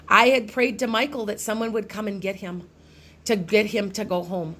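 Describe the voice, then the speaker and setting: A woman's voice: a little high, fairly even intonation, normal speed, bright, forceful tone. A middle-aged woman, a psychic medium, telling a personal ghost story to her followers in a casual, rambling way with many restarts.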